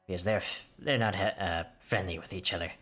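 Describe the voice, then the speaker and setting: Brief: male GM doing a wary little kobold radish guard, broken grammar, lowish voice. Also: moderate pace, fairly bright tone, slightly rough. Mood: earnest.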